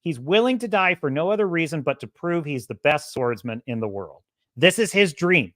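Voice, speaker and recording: Lady podcast host going off on a sarcastic rant, low-ish voice, swings all over, dry close sound. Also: normal speed, dry recording. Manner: sarcastic, laughs often, mimics characters; animated, swings loud and soft. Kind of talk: casual opinionated rant.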